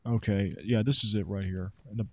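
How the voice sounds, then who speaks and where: A man's voice: on the low side, fairly even intonation, brisk, bright, forceful tone, dull audio. A man chatting casually while playing a survival game with friends, joking around. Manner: joking, easygoing banter. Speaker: gamer. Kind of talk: casual gaming chat.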